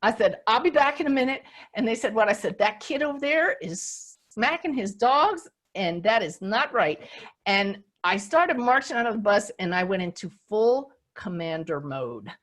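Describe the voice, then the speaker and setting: Animated older woman telling a story. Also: mid-range voice, normal speed. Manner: animated storyteller, acts out scenes. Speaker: spiritual teacher and host. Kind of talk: storytelling talk on a webinar.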